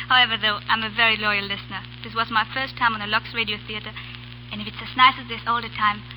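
French-accented actress, gracious, higher bright voice. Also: female voice, fairly even intonation, fast, a little hiss or hum, rough recording. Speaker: actress guest.

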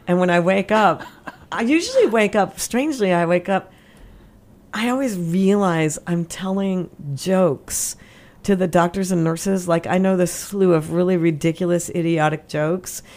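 A woman with a slightly low voice chatting with a co-host. She tells her stories with animation, acting out what people said and breaking into laughs and gasps. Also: measured pace. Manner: animated storyteller, acts out quotes with laughs and gasps. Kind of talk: casual conversation.

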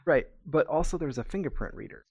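A man's voice: on the high side, expressive, fairly quick, a little mellow, husky, dry recording. A man co-hosting a podcast and talking as a parent in casual chat, laughing often and restarting his sentences as he goes.

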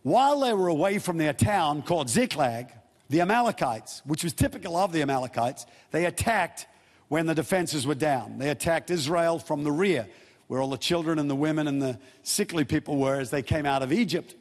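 A man with a slightly raised, husky voice preaches a sermon. He retells an old story in plain, casual modern words. His voice rings out with the long reverb of a large hall. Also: fairly high pitch, animated, brisk.

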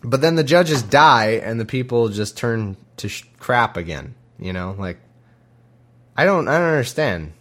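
A man talks in an irreverent, sarcastic way, breaking off and restarting his sentences. His pitch swoops widely, lively and animated, from a middle register. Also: unhurried. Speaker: podcast host reading scripture. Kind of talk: casual commentary with readings.

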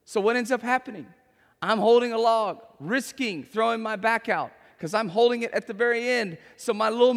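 A man's voice: very high-pitched, vocal fry, in a large hall. A man in his thirties preaching a sermon as a pastor, conversational, tossing in tag questions and stories from home.

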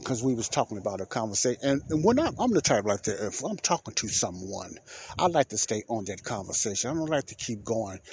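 Rambling storyteller man with a low voice. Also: sing-song, a little fast, darkish tone, a little hiss or hum. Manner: rambling, repeats himself, acts out quoted dialogue. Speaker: podcast host. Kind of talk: casual storytelling monologue.

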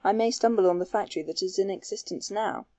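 A woman reading the part of a shrewd male investigator who explains his case in a measured, earnest way. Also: mid-range voice, mellow, dry recording, natural voice. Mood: determined.

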